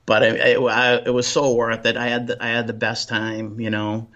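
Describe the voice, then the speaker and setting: A man from Boston with a Boston accent, chatting as a guest in a relaxed interview, rambling with lots of restarts and ums. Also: mid-range voice, normal speed, dull audio. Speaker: paranormal investigator guest. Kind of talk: casual interview chat.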